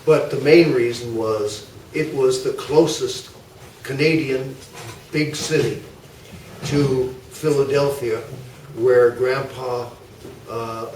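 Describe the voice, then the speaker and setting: An older man gives a rambling, anecdote-filled history talk to a club audience, slowly and with plenty of fillers. His voice sits at an ordinary pitch and comes from a distance in an echoey hall. Faint room noise hangs behind him. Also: darkish tone. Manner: chatty, anecdotal, many uh fillers and asides. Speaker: guest speaker.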